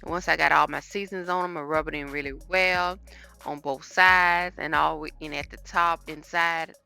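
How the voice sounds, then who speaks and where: A woman with a low voice and a bright, forceful tone talks viewers through a home-cooked meal. She chats easily and speaks straight to the camera, which sounds like a phone. Soft music plays faintly underneath. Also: steady tone, normal speed, gravelly, clear, resonant tone. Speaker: cooking vlogger. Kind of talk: casual cooking vlog chat. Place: home kitchen.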